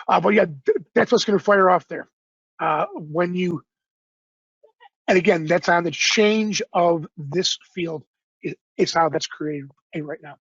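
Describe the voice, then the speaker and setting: Male presenter, informal webinar demo, fairly high raspy voice, muffled lo-fi call sound. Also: unhurried, fairly bright tone, no room sound. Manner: informal, apologetic, loosely unscripted. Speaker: software presenter. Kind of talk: live software demo webinar.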